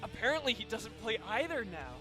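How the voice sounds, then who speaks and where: A high-voiced man casts a fighting game tournament, building hype for the next match and explaining the players' options. He laughs easily, and loud music runs under his voice. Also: sing-song, a little fast. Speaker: esports commentator.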